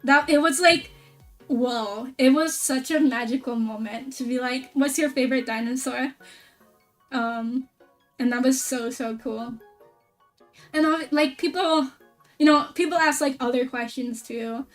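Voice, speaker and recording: A woman VTuber streamer chatting casually, excitable and rambling, with a lot of "like" fillers. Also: high voice, unhurried, recorded from a distance, soft background music. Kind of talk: casual stream chat recap.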